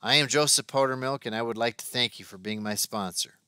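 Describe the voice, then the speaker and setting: A man voicing a huge, gentle heavyweight boxer who speaks slowly with a deep, rumbling voice. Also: clear, resonant tone, dry recording, studio quality. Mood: formal. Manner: slow, quiet, rumbling.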